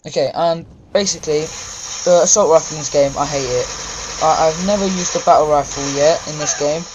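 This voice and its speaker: A man's voice: fairly high pitch, brisk, background noise. A young man, chatting casually over gameplay, rambling with lots of fillers. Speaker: gaming commentator.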